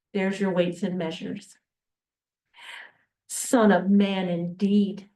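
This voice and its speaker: A woman's voice: mid-range voice, flat delivery, slow, pauses often, darkish tone. A woman leading a book discussion, reading a novel aloud and then talking it over in an earnest, emphatic way. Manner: earnest, emphatic, checks listeners follow. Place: classroom or church meeting room. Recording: echoey room, mic far off.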